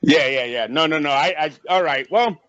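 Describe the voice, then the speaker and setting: Bright, higher-voiced male co-host, jokey and blunt, dull dry audio. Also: normal speed. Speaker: boxing podcast co-host. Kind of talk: casual sports talk.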